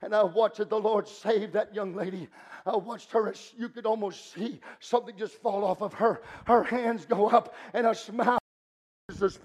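A man preaching a sermon, swinging from loud fervent shouting to low, intense speech. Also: steady tone, moderate pace.

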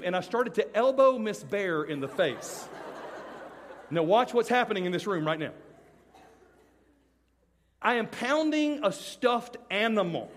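A middle-aged man preaching a sermon to students before a live audience. He tells a personal story with animated comic swings, then turns hushed and earnest. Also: high-pitched, measured pace, long pauses. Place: large hall with a live audience. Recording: long hall reverb from a live venue.

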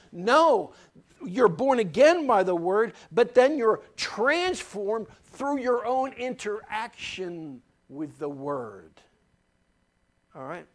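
A man preaching a sermon as pastor, emphatic and folksy, repeating key phrases and telling stories from his own life. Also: sits high. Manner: folksy, tells personal anecdotes.

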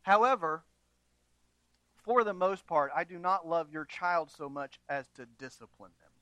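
A pastor preaching a sermon to his congregation, moving from quiet, measured passages to emphatic, raised appeals. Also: a little high, animated, dry recording, rough recording. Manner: earnest preaching, swings between quiet and emphatic.

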